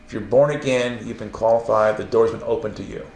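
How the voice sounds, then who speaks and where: Animated laughing preacher man. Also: on the low side, fairly quick, gravelly, reverberant. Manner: animated, acts out quoted voices, laughs often. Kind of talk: informal sermon teaching.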